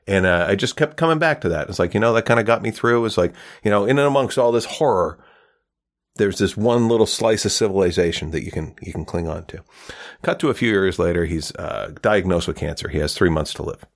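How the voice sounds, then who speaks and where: Podcast host, male, very low voice, loose rambling joke delivery with lots of fillers. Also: fast talker. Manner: rambling storyteller, many fillers and restarts. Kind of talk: casual joke telling.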